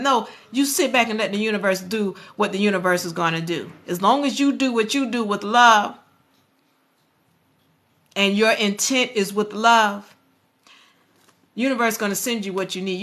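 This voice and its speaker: A woman addresses her live-stream audience directly, delivering motivation in a lively, sermon-like manner. She speaks at a moderate pace in a slightly high voice.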